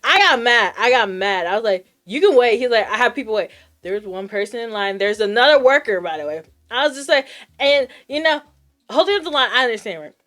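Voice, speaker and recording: A woman streamer from the United States with Puerto Rican roots, telling a story to her chat in a casual, animated rant and acting out both sides of the exchange. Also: fairly high pitch, fairly quick. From United States, of Puerto Rican Caribbean roots. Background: faint lo-fi music.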